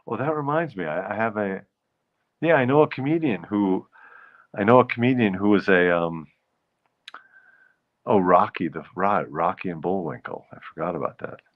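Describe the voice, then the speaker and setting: A man's voice: moderate pace, long pauses, narrow, tinny audio. A man hosting his own show, chatting in a jokey, rambling way. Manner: jokey, rambling, breaks into falsetto bits. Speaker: show host. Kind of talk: casual solo show chat.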